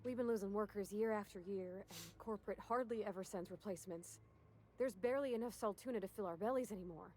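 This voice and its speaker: An actress voicing a shy, earnest young woman in a video game, talking in a soft, apologetic, rambling way. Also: mid-range voice, quick pace, lightly acted. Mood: pleading. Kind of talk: video game character dialogue.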